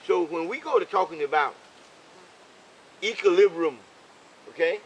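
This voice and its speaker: A man's voice: sits high, lively intonation, normal speed, breathy edge, muffled recording. An older man telling a roadside story in casual conversation, preachy and leaning on "okay?" for emphasis. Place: in a vehicle.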